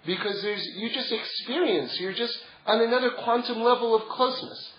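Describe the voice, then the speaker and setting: Brief: high-pitched male Torah teacher, chatty then emphatic, roomy, dull lo-fi recording. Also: moderate pace. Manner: conversational, builds to emphatic. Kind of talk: Torah class.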